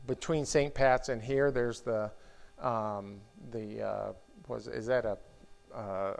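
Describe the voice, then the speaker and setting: A middle-aged man preaching a sermon in a church, talking in a slow, halting way with many restarts and fillers. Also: mid-range voice, vocal fry. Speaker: pastor.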